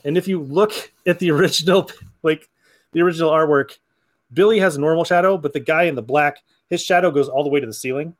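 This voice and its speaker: A man's voice: fairly high pitch, fast talker. A man hosting a comic book podcast, chatting casually, laughing often and acting out lines from comics. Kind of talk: casual chat.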